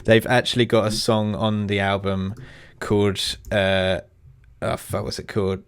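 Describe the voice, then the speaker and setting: A man's voice: lowish voice, little pitch movement, unhurried, vocal fry, clear, resonant tone, no echo. A young man with a Southern English accent hosting a podcast, rambling, swearing and laughing as he chats. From England. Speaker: podcast host. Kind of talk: casual chat.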